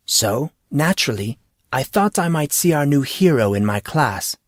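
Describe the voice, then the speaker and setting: A man's voice: mid-range voice, expressive, normal speed, dry recording, clean studio sound, voice pushed up, close to an everyday voice. A man reading audiobook dialogue as a formal, courteous male history teacher who speaks precisely and is amused. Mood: explaining.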